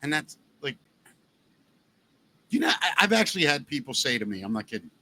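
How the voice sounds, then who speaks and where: A middle-aged man hosting a casual podcast chat, telling stories in an animated way, acting out quotes and swearing freely. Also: fairly high pitch, fairly quick, breathy edge. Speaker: podcast host.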